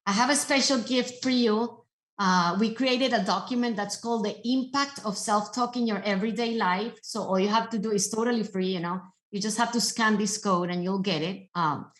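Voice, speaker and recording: A woman motivational speaker giving a keynote talk with animated, emphatic storytelling. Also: medium pitch, echoey room.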